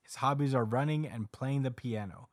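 A man hosting a podcast, casually recapping a story with frequent laughs and animated asides. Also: mid-range voice, normal speed, no room sound, studio quality. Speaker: podcast host.

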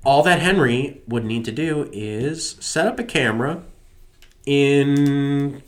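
A man's voice: mid-range voice, takes it slowly. A married man co-hosting a podcast, ranting about a film in exasperated, profane casual chat. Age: adult, married. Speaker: podcast co-host.

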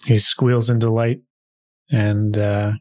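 A man's voice: lowish voice, level tone, slow pace, a little mellow. A man hosting a podcast and narrating as game master, talking in an easygoing way with frequent filler sounds. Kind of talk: casual podcast chat and tabletop game narration.

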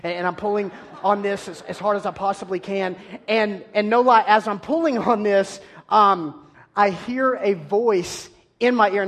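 A man preaching a sermon, telling an animated, self-deprecating story about himself. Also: sits high.

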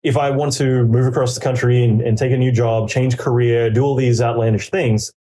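A man talks casually in a podcast interview, his voice dark and mellow. He rambles through his advice with plenty of fillers and slips into quoted inner dialogue as he goes. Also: medium pitch, fairly even intonation, brisk. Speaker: podcaster giving career advice.

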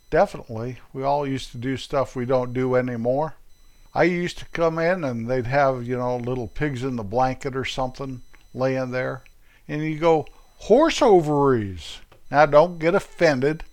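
A middle-aged man with an American accent, delivering a playful, goofy comedic monologue and poking fun at himself. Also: mid-range voice. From United States. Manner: playful, goofy, self-mocking.

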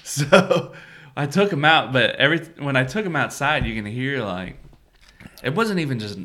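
A man's voice: medium pitch, animated, moderate pace, pushed and bright. A man co-hosting a church podcast, chatting casually and laughing often. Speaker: podcast co-host. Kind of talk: casual chat.

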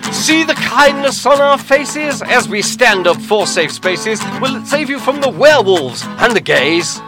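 A man's voice: extremely high pitch, very animated, unhurried, pitched above the performer's own voice, heavily acted. A man singing as a smug Tory politician. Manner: loud mocking singing over guitar. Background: guitar music.

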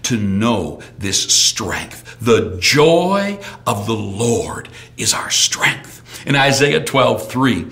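A middle-aged man preaching a sermon, dropping to soft near-whispers and then rising to sudden loud shouts of praise. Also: on the low side, sing-song, drawn-out words, vocal fry, few pauses. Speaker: pastor.

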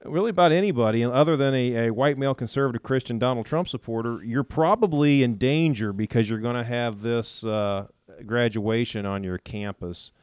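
A man with a smooth, resonant voice talks casually on a podcast, reading from an article and adding scornful asides. The sound is dry and close. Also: medium pitch, moderate pace, hardly any pauses, darkish tone, dry recording. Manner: reads news aloud with mocking asides. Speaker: podcast host.

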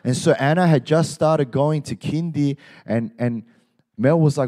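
A middle-aged Australian man preaching a sermon, telling stories in a joking, animated way. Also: a little high, moderate pace. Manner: animated, joking storytelling with laughs. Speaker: pastor.

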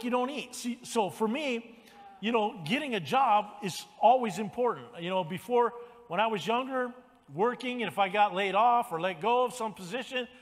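A man's voice: high voice, big-room sound. An older man preaching a sermon as pastor, retelling the story with acted-out lines and calls of "amen". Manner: animated storytelling, acts out quotes.

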